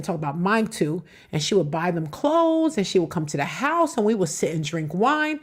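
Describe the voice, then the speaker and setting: A woman's voice: fairly low pitch, very animated, moderate pace. A middle-aged woman hosting a live reaction show, talking back to the clips she plays with emphatic, personal commentary.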